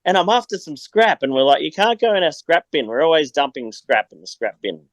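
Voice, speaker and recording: Australian man, podcast guest, slightly high voice, dry close sound, laughs a lot. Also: very animated, a little fast, no room sound, rough recording. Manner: rambling storyteller, laughs often. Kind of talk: casual chat.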